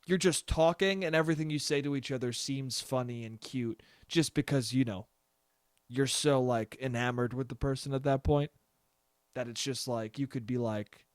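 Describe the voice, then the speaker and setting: A man's voice: medium pitch, steady tone, normal speed, clear, resonant tone, no echo, clean studio sound. A young adult man hosting a solo podcast, rambling casually with lots of swearing and frequent laughter. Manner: rambling, profane, laughs often. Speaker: podcast host.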